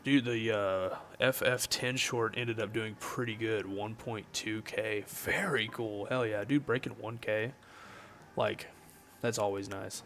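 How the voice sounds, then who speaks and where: A man's voice: on the low side, fairly even intonation, measured pace, a bit bright. Chatty young man streaming a game. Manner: chatty, jokey, reads chat aloud. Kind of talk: casual livestream chat while gaming.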